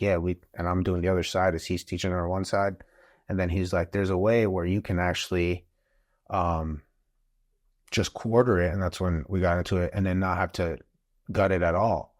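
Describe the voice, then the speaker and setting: A man, a father and guest on a podcast, telling a story in a casual, animated way and acting out what people said. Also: sits low, normal speed. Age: adult father of school-age kids. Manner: animated, acts out quotes in the story.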